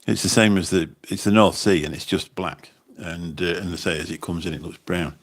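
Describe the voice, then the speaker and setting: Talking a little fast in a low, steady voice, a man chats through his livestream on a phone. He's a taxi driver who reads viewer comments, rambles casually, and keeps repeating his words.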